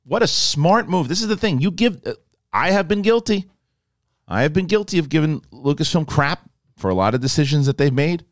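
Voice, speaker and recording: A male host giving a casual spoiler review in an excitable, rambling way. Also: fairly high pitch, fairly quick, no echo, clean studio sound.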